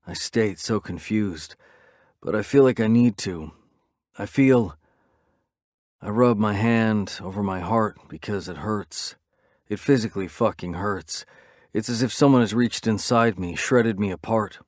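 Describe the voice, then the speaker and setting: A man reads a romance audiobook in the first person, brooding and intense throughout. His voice sits fairly low, and the read is dry and close to the mic. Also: a little slow, darkish tone, no room sound. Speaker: audiobook narrator.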